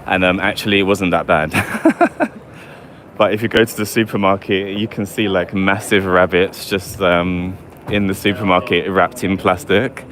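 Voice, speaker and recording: Man, London accent, lowish voice, casual live-stream chat, outdoors on a street, faint traffic behind. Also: normal speed, fairly bright tone. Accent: London English. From England. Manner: chatty, reads viewer comments aloud. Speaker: vlogger.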